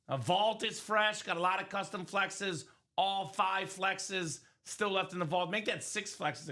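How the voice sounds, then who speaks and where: Broadcasting from a studio break room, a high-pitched man hosts a live sports memorabilia break stream, keeping up upbeat, energetic sales banter with quick asides.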